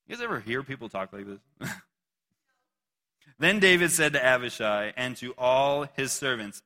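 A man preaching a casual sermon, reading scripture slowly and dramatically between conversational asides. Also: mid-range voice, animated, sharp tone. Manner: conversational, reads scripture slowly and dramatically, frequent laughs and "right?". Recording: long hall reverb.

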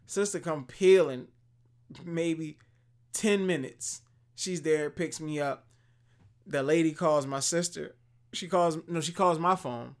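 A young man casually telling a story, animated and laughing often, acting out the voices of the people in it. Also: a little high, takes it slowly, long pauses.

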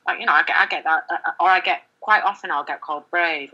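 A middle-aged woman journalist speaking candidly in an interview, animated, with many fillers and restarts. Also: fairly low pitch, quick pace, highs cut off. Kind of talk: conversational interview.

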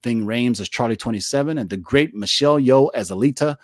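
A man co-hosting a casual chat, talking in an animated way with lots of fillers. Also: mid-range voice, dry recording, clean studio sound. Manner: animated, talks fast with frequent fillers. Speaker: co-host. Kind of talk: casual comic book collecting chat.

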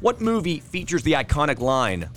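A man's voice: a little high, huge pitch swings, normal speed, soft background music. A man hosting a pub trivia podcast who announces each question, repeats it and jokes between rounds. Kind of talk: casual podcast quiz announcing.

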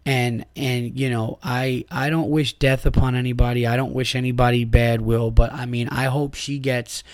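A man's voice: mid-range voice, flat delivery, moderate pace, dry recording. A middle-aged man hosting a podcast, telling listeners a profane, angry, rambling story with lots of restarts. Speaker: podcast host.

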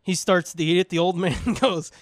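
A man's voice: high voice, level tone, normal speed, dry recording, clean studio sound. A man co-hosting a podcast in casual chat, swearing freely, rambling through stories and laughing often. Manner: profane, rambling, laughs a lot. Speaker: podcast co-host.

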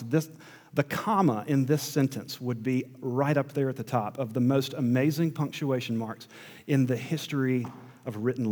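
A man preaching a sermon as pastor, swinging between hushed asides and emphatic, rising passages. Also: mid-range voice, big-room sound.

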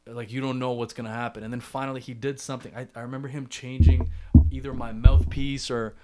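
A man's voice: medium pitch, flat delivery, quick pace, over loud music. A young man hosting a solo podcast, telling a personal story in a chatty way full of fillers and restarts. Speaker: podcast host.

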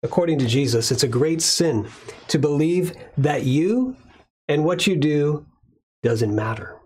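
A male pastor delivering a sermon in a measured way, slowing down to stress key words. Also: on the high side, lively intonation, darkish tone, husky.

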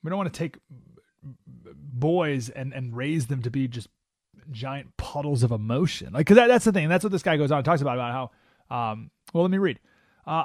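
Animated male radio host, dry studio sound. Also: mid-range voice, moderate pace, dry recording. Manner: animated, emphatic, preachy with acted-out quotes. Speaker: radio talk show host. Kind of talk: opinionated radio monologue.

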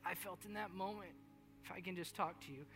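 A man preaching a sermon as pastor, earnest and repetitive, moving between hushed storytelling and rising appeals. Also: sits high, a little fast. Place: large church hall. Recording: long hall reverb with faint music.

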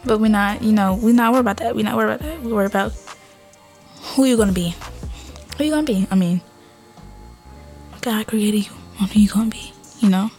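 A woman's voice: medium pitch, fairly even intonation, fairly quick, pauses often, darkish tone, faint music behind. Rambling young woman podcast host. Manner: rambling, many fillers and restarts. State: out of breath. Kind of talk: casual solo podcast chat.

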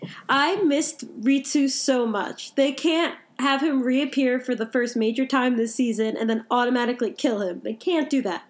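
A young woman with a high voice talks anime as a co-host, gushing freely. She strings her thoughts together with "like" in a loose, casual chat. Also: fairly even intonation, normal speed. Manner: gushing, heavy use of "like". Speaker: podcast co-host.

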